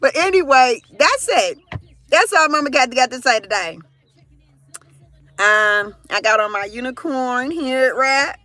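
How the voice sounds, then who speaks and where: A middle-aged woman chatting on a live stream with a high, sharp voice. She rants loudly and profanely with lots of animation, speaking into her phone while standing outside near a car. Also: measured pace, dry recording. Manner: loud, profane, animated ranting. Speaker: livestream host. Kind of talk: casual live-stream chat.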